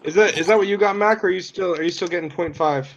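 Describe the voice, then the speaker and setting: A man's voice: sits high, fast talker. Young man leading study group, raised voice. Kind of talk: casual group study chat on a call. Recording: dull audio with faint noise.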